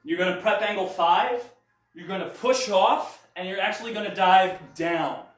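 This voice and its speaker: A man's voice: high-pitched, normal speed. A man teaching stage combat in a live online class, coaching with upbeat energy and counting reps while he demonstrates the moves. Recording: roomy echo, mic at a distance, faint music.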